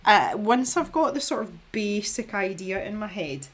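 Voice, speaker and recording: An unhurried, expressive woman's voice at medium pitch: a young art streamer from Scotland who paints live, rambling and teasing herself as she goes, with plenty of laughter.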